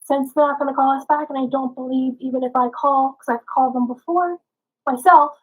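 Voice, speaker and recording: A young woman with a slightly rough voice, giving a frustrated, earnest consumer testimonial in answer to questions. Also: sits high, fairly even intonation, fairly quick, low-quality recording. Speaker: customer giving a review.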